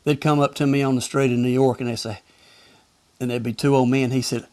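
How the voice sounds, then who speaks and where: Speaking at a brisk clip, this retired tennis umpire guest has a medium-pitched, somewhat dark voice with fairly even intonation. He's an older man with a Southern Alabama accent, casually spinning folksy, chuckle-filled stories.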